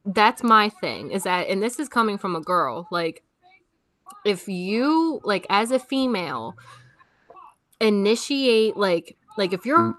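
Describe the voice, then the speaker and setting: A young woman with a bright, forceful voice gives her blunt view, swearing as she goes. The sound is dry and close, with no room echo. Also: medium pitch, big pitch swings, slow pace. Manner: blunt, emphatic, swears often. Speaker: podcast co-host. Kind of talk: casual chat.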